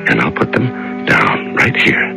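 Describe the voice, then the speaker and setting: An actor playing a haggard prisoner just out of solitary confinement, stammering and pleading, in a 1970s radio drama. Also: male voice, rumbling low, wildly swooping pitch, slow pace, gravelly, over music, full character voice, rough recording.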